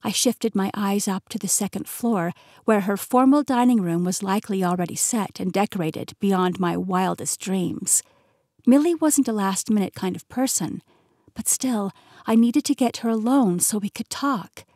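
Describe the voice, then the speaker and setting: A woman reads a first-person novel aloud, bringing lively energy to the heroine's thoughts. Her voice is of middle pitch and recorded close in a dry booth with no room sound. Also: unhurried, dry recording. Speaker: audiobook narrator. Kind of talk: scripted narration. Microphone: close studio mic.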